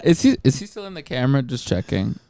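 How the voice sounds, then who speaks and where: A man's voice: mid-range voice, very animated, fast talker, a loud crowd. A man co-hosting a podcast who steers the segments and laughs along in casual chat. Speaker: podcast co-host.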